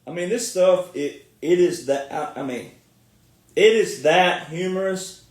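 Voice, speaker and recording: A man's voice: high-pitched, a little slow. A man from the United States, a military veteran, giving a sarcastic, mocking commentary and often breaking into laughter. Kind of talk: ranting online commentary. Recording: echoey room, far from mic.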